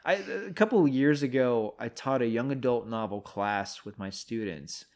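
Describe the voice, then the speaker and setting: Speaking at normal speed with a medium-pitched, darkish voice, this podcast co-host keeps the chat casual. He has fun spinning comic what-if scenarios and alternative endings, performing brief quotes as he goes.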